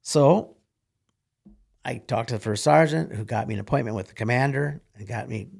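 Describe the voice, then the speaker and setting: A man's voice: mid-range voice, moderate pace, creaky, a little mellow. An older man, a retired military officer, telling folksy rambling stories in an interview. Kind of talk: casual storytelling in an interview.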